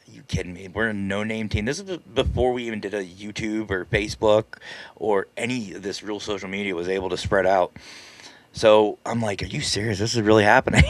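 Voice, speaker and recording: Guy telling a story on his stream, lowish voice, dry close sound, laughs a lot. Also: fairly bright tone, dry recording. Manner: chatty, self-deprecating, laughs often. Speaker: paranormal team leader and live stream host. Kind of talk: casual storytelling on a live stream. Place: live stream setup.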